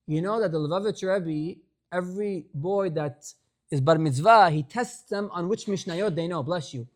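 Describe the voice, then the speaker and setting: A man, a congregation rabbi, preaching in an animated storytelling way and mixing in Hebrew phrases. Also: high voice, normal speed. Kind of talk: sermon. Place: synagogue.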